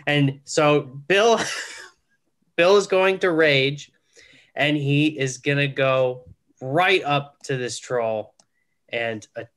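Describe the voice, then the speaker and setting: A man narrating his turn in a tabletop game, drawing out the action like a story. He talks slowly and deliberately, clearly enjoying himself. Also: mid-range voice, a bit bright, a little hiss or hum. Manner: unhurried storytelling, amused. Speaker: player. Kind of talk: casual tabletop play.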